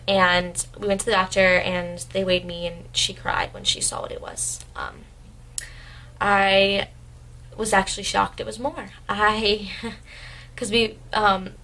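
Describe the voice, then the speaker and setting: Young female vlogger, rambling and emotional storyteller, average pitch. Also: creaky, fairly bright tone, a little hiss or hum, poor audio. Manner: emotional, rambling retelling with many "I was like" quotes. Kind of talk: personal storytelling vlog.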